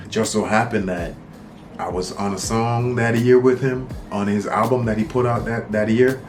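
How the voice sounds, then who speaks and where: A man from St. Kitts, a rapper, telling a story in a laid-back, rambling, slangy way. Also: on the low side. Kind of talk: casual storytelling vlog.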